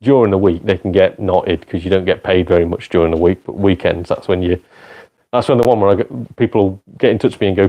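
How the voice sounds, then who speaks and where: Here a man with a low, mellow voice talks at normal speed while casually chatting with viewers on his live gaming stream. A part-time comedian, he often laughs, swears, and makes fun of himself.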